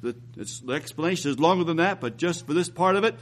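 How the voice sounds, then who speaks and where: A man preaching a sermon, reading scripture aloud and repeating phrases, rising and slowing down to drive points home. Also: fairly high pitch, animated. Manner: reads scripture aloud, rises and slows for emphasis.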